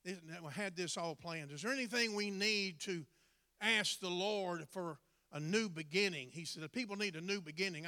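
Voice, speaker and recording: A middle-aged man preaching a storytelling sermon, folksy and colloquial, building to loud emphatic bursts. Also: high-pitched. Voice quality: folksy, drawling, colloquial grammar. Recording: long hall reverb.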